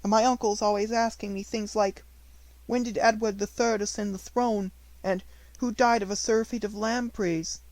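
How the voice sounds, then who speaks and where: A man voicing a plain-spoken schoolgirl who grumbles in a high, sing-song voice, in an audiobook reading. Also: fairly even intonation, moderate pace, darkish tone, no room sound, close to an everyday voice, poor audio. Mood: grumbling.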